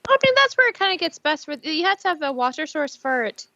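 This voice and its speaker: A woman's voice: sits high, sing-song, quick pace, pushed and bright, lo-fi sound, slight background noise, pitched above the performer's own voice, heavily acted. A woman voicing a friendly, chatty male orc flower seller in a tabletop game, with an Irish and New Zealand accent that comes and goes. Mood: cheerful. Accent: wavering Irish and New Zealand mix. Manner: cheery, sing-song salesman patter.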